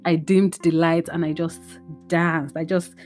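A young woman speaks to her listeners in a personal, heartfelt monologue. Her voice sits a little low, and she talks in an open, chatty way with plenty of fillers. Faint guitar music plays softly behind her. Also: little pitch movement, a little slow. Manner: candid, emotional, chatty with many fillers. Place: her bedroom at home.

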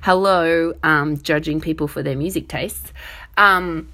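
A woman's voice: deep voice, steady tone, measured pace, pushed and bright. A middle-aged woman hosting her own podcast, talking in a rambling, self-deprecating, chatty way with lots of fillers. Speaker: podcast host. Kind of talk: casual solo podcast monologue.

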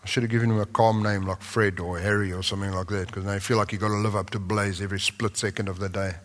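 A man preaching a sermon in a large church hall, moving between impassioned lines and soft, prayerful tones. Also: lowish voice, little pitch movement, fast talker. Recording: long reverb of a large hall.

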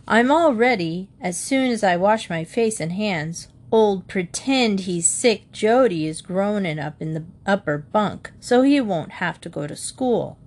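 A woman's voice: mid-range voice, lively intonation, unhurried, few pauses, darkish tone. Woman doing a scornful tattling boy.

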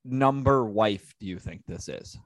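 A man's voice: on the low side, lively intonation, unhurried, dry recording. A man co-hosting a podcast who reacts and asks joking questions in a casual chat. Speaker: podcast co-host.

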